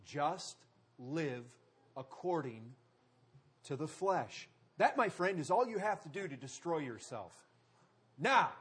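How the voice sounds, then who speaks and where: Husky, lively preaching man. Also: fairly high pitch. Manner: preaching with emphatic repetition and dramatic pauses. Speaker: pastor. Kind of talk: sermon.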